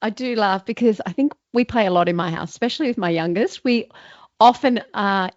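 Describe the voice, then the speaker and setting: A woman hosting a podcast interview, enthusiastic and quick with gushing praise. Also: mid-range voice. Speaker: podcast host. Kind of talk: casual interview chat. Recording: dull lo-fi sound.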